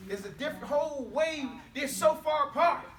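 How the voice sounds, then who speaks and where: Man, Arabic teacher, very high voice, loud repeat-after-me drill, echoey classroom, distant mic, students around. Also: normal speed, a crowd in the background. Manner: drills sounds loudly, then explains. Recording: roomy classroom, far from the mic, class audible.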